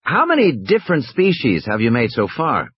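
A man's voice: mid-range voice, huge pitch swings, moderate pace, slightly rough, no room sound, lo-fi sound, heavily acted. A man voicing a sardonic male mathematician who asks pointed questions.

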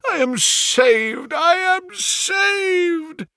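A man voicing a distraught, excitable middle-aged banker who breaks into high-strung outbursts, read as an audiobook. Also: slow, creaky, husky, no echo, studio quality, heavily acted. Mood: frantic. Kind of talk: audiobook character reading.

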